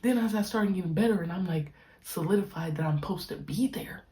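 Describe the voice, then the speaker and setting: A young woman hosting a podcast, talking casually and reflectively in slang and stretching key words out slowly. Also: fairly low pitch, dark tone. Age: young adult. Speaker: podcast host, pro basketball player.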